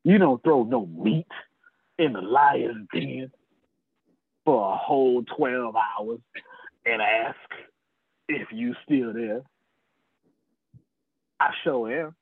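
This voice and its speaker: A man's voice: mid-range voice, slow pace, pauses often, breathy edge, no echo. A man, teaching sales like a fiery preacher, calling out listeners by name and swearing freely. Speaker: sales trainer. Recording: tinny phone-like video call audio.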